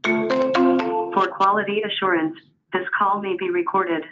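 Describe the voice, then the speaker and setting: A text-to-speech voice of a woman reading a phone greeting in a flat, synthetic way, played back through a speaker. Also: medium pitch, slow, lightly acted. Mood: neutral. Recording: dull lo-fi playback heard from off-mic over music.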